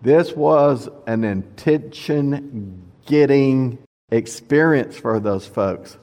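Male Bible teacher, mid-pitched, leisurely pace, sermon delivery in a large echoing hall. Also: darkish tone. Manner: slow, plain storytelling with asides to the audience. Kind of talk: Bible teaching sermon, reading scripture aloud. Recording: long reverb of a hall.

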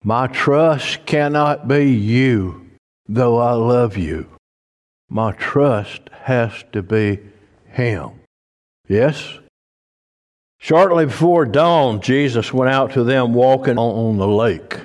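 A man preaching a sermon, slow and emphatic, rising loud when he reads scripture aloud. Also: mid-range voice, animated. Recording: long hall reverb.

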